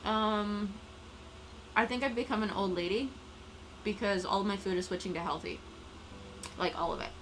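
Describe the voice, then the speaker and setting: A woman's voice: medium pitch, normal speed, long pauses, fairly bright tone, slight background noise, rough recording. A woman hosting a casual live stream, chatting in a rambling, self-deprecating way.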